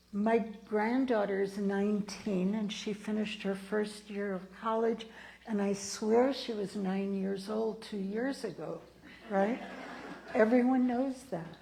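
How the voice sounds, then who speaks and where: Woman in her 60s, minister; slow, storytelling sermon delivery, middle pitch. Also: vocal fry, warm tone, poor audio. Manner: slow, storytelling, acts out quoted people. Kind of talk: sermon with personal stories. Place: church sanctuary.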